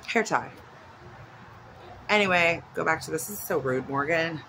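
A woman's voice: deep voice, normal speed, noisy background. A woman vlogging at home in a casual, chatty way, rambling off into asides. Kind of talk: casual chat. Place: at home with her dog nearby.

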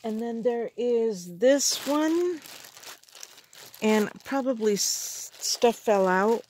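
Gushing woman unboxing craft goodies, slow. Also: a little high, slight background noise. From Canada. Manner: gushing, excited gasps and exclamations. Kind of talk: casual craft haul chat.

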